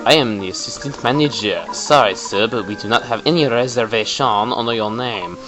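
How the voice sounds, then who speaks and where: A man voicing a smug male hotel assistant manager in a game, speaking slowly and haughtily in a put-on French accent. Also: medium pitch, music in the background, lightly acted, low-quality recording. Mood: haughty. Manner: slow, drawn-out and haughty.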